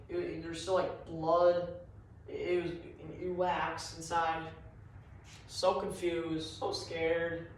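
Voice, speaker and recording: Guy rambling thru a goofy story, kinda high voice, super echoey room, mic far off. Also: slight background noise. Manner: meandering, confused storytelling.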